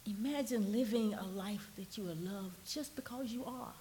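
A woman pastor, preaching a sermon in a conversational style that sometimes drops to a soft near-whisper for emphasis. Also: fairly high pitch, normal speed, few pauses, long reverb tail, slight background noise. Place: church sanctuary.

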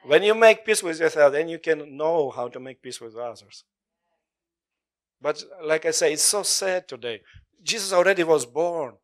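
Animated preaching man, slightly high voice. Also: normal speed. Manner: animated, laughing often, call-and-response with congregation. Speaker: pastor. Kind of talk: sermon.

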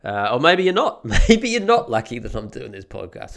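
A middle-aged podcast host with a gravelly, creaky voice, talking through a head cold. He rambles through a profane story, his pitch swooping up and down, and he keeps the tone loose and conversational. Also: big pitch swings, normal speed, a bit bright. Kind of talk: casual podcast monologue.

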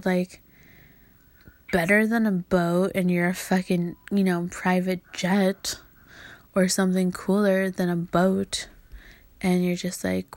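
A woman's voice: medium pitch, dry recording. A woman in her twenties hosting a solo podcast, rambling and swearing, often dropping to a whisper. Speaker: podcast host. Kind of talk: casual solo podcast monologue.

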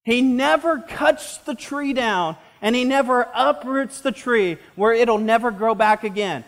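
A man preaching a sermon as a pastor, impassioned and slowing down for emphasis. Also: very high-pitched.

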